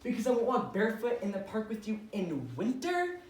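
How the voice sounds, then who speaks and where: A woman's voice: on the high side, very animated, brisk, darkish tone. A woman playing a proper, stuffy young husband who is a lawyer, indignant and dry-witted, in an amateur stage play. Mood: wry. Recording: roomy sound from off-mic.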